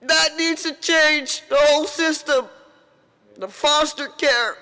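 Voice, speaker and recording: Slow, bright-voiced grieving woman in a hall. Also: high-pitched. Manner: emotional, defiant, voice breaking at times. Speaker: grieving mother addressing an assembly. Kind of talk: impassioned public address. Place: large assembly hall. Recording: reverberant hall sound.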